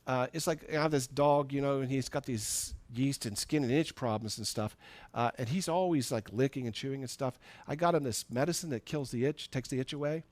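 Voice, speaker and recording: A man's voice: mid-range voice, brisk, a little mellow, slight background noise. A middle-aged man preaching as a pastor, telling a personal story in a conversational way, acting out the dialogue and laughing at himself. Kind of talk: storytelling sermon. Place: church sanctuary.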